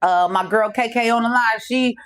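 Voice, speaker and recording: Animated, profane middle-aged woman storyteller. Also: a little high, moderate pace. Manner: animated, profane, acts out the other voices in her stories. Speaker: podcast host. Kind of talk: casual storytelling monologue.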